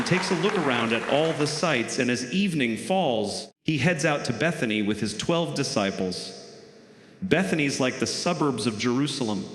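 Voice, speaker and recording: Man, wry stand-up storytelling, crisp forceful voice, lots of theater hall echo. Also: medium pitch. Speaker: stand-up comedian. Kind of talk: stand-up comedy routine. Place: large theater stage. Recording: roomy hall reverb.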